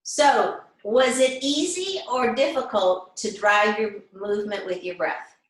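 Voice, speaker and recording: A woman's voice: fairly high pitch, a little slow, roomy sound, low-quality recording. A woman instructor leading an online class, guiding her students step by step and checking in with them often. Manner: gentle, guiding explanations with frequent check-ins. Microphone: video call.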